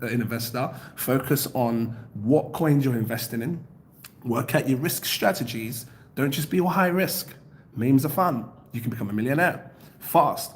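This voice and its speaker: A young man hosting a casual livestream, talking straight to his viewers and breaking into laughs often. His pitch sits in a middle range and jumps up when he gets excited. A faint hiss of background noise runs under his voice. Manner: laughs often, reads out chat comments. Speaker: crypto livestream host.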